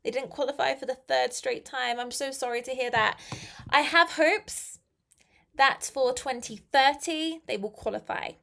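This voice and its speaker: Slow-talking British woman with a gravelly voice. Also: sits high, steady tone, fairly bright tone. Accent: British English. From England. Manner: chatty, reads viewer comments aloud, laughs often. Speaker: English teacher hosting a live class. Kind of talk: casual live-stream teaching.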